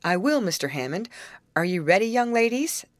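A woman's voice: mid-range voice, moderate pace, dry recording, voice pushed up, natural voice. A woman voicing a polite, easygoing young man in a storybook reading. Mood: friendly. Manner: courteous, relaxed.

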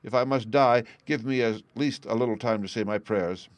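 A man's voice: medium pitch, moderate pace, no room sound, close to an everyday voice. A man voicing a terrified young wife who begs and trembles, in a storybook reading. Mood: pleading. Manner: trembling, begging.

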